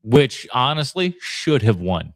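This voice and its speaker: A man hosting a podcast, chatting casually and reacting to clips with frequent pauses and fillers. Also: mid-range voice, sing-song. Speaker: podcast host. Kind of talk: casual commentary.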